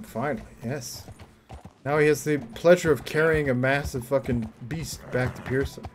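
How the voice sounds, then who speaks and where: A young man streaming a game, joking crudely and breaking into loud whoops and yelps. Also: medium pitch, a little hiss or hum. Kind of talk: casual livestream chat while playing.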